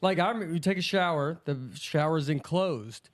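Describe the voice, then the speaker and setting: High-voiced deadpan comedian. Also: male voice, moderate pace. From Tennessee, USA. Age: 40s. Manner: deadpan, understated storytelling with bemused quoted dialogue. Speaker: comedian hosting a TV sketch show. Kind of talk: stand-up comedy monologue. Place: stage of a TV studio before a live audience. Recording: noisy live studio audience laughter.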